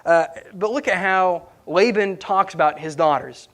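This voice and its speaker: A man's voice: high voice, moderate pace, fairly bright tone. A man, a pastor, preaching a conversational sermon in church and asking the congregation questions as he goes.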